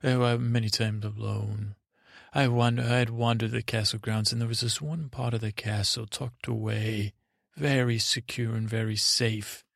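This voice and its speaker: A man hosting a podcast, telling a meandering bedtime story in a halting, self-correcting way. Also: mid-range voice, steady tone, creaky, a bit bright, no echo, clean studio sound.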